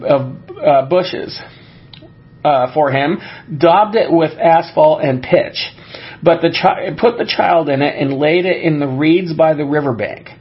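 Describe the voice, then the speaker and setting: A man preaching a sermon in a conversational way, often pausing on fillers and restarting his sentences. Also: a little high, slightly rough, dull audio. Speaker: pastor.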